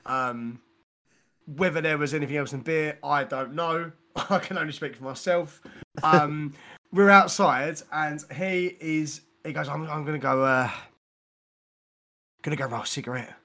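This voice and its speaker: A young British man co-hosting a podcast, telling an excitable story in casual chat and acting out the quotes. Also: on the high side, a little slow. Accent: British English. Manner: excitable, acts out quotes, laughs as he talks. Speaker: podcast co-host.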